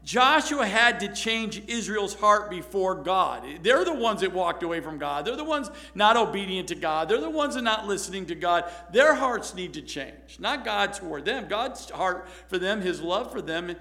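A man's voice: sits high, animated, normal speed, hardly any pauses, bright, forceful tone. A man preaching a sermon in an emphatic way, repeating phrases for stress. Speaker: pastor.

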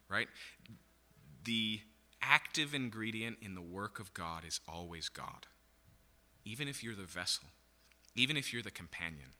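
A man's voice: medium pitch, expressive, measured pace, pauses often, bright, forceful tone, big-room sound. A man preaching a sermon, teaching through a Bible passage and checking in with the room with "okay?" and "right?". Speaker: pastor.

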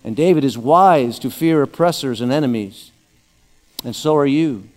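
A pastor giving a conversational sermon with touches of humor. He slows down and drops his voice for scripture readings. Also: medium pitch, a little mellow, big-room sound.

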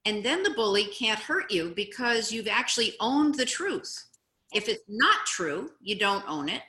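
A woman guest speaking in a casual interview over a video call, telling stories with expressive emphasis. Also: a little high, unhurried. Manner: expressive, warm storytelling with animated emphasis. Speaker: guest, anti-bullying advocate. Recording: roomy, echoey room sound.

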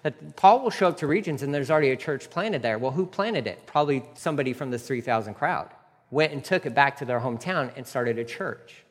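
A man's voice: medium pitch, expressive, fairly quick. A man preaching a conversational, emphatic sermon as a church pastor, with casual asides to the congregation. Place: church sanctuary. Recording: long reverb of a church hall.

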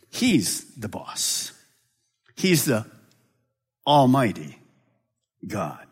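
Moving at a moderate pace with wide swings in pitch, the pastor of a large church preaches a sermon dramatically, alternating between loud high calls and hushed low drops.

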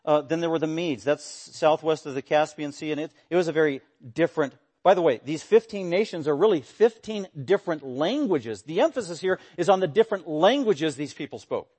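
A man preaching an expository sermon, animated and emphatic, with bursts of raised voice, sometimes mimicking voices for quoted lines. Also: fairly high pitch, a little fast, hardly any pauses, husky. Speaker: pastor.

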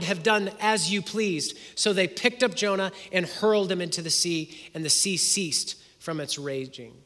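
A man's voice: on the high side, sharp tone. A man preaching a sermon, retelling a story, reading scripture and asking the listeners rhetorical questions. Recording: long hall reverb.

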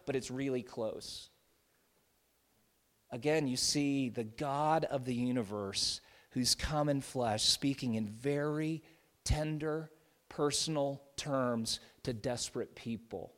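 A middle-aged man preaching an expository sermon, dropping to soft, tender lows and rising to loud, emphatic peaks. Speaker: pastor.

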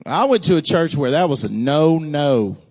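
A man preaching a sermon, folksy and joking, with sudden shouts and hushed asides. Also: on the high side, expressive, normal speed. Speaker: pastor.

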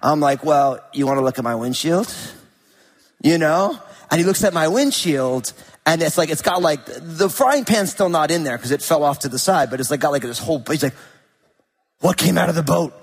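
A man preaching a sermon as a pastor, telling a story in an animated way and acting out the people in it. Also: a little high, moderate pace, slightly rough. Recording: hall reverb.

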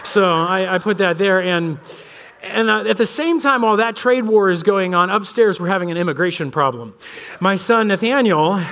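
A man in his thirties preaches from a church sanctuary, his voice sitting high and moving at a moderate pace. His sermon drifts casually into stories about his children, whose voices he acts out with animation.

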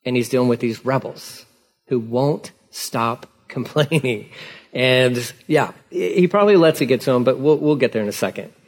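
A male pastor preaching a sermon in a casual, conversational way, acting out dialogue with lively emphasis. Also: medium pitch, moderate pace.

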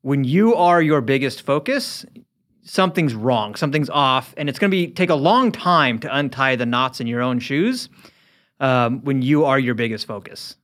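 A man on a casual studio podcast, earnest and opinionated, thinking out loud as he talks. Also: mid-range voice, expressive, normal speed. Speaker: podcast co-host. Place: recording studio.

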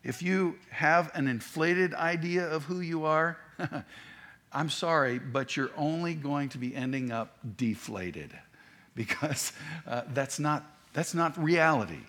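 A man's voice: a little high, takes it slowly, fairly bright tone. A man preaching a sermon, talking in a conversational way with asides and restarts. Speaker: pastor.

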